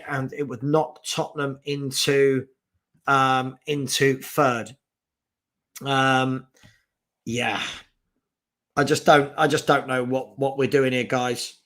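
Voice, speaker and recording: A man's voice: mid-range voice, a bit bright. A man hosting a live fan watch-along of a football match, chatting casually, exasperated and swearing about his team.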